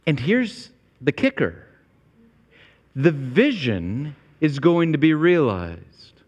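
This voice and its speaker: A man preaching a sermon as pastor, with an emphatic, repetitive cadence that climbs higher in pitch when he stresses a point. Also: sing-song, slow pace, long reverb tail, lo-fi sound.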